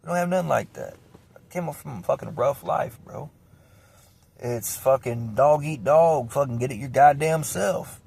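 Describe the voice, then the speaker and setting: A man's voice: mid-range voice, normal speed, gravelly, darkish tone, breathy edge. A man telling his own story in a raw, confessional way, cursing heavily and repeating himself as he rambles. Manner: emotional, heavy cursing, rambling and repetitive.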